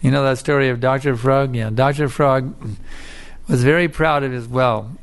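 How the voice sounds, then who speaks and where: A man with a mid-pitched, gravelly voice gives a sermon built around a fable. He talks casually and repeats himself, often turning back to his listeners to check they follow him. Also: fairly even intonation, moderate pace. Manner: colloquial, repetitive, keeps asking "you see?".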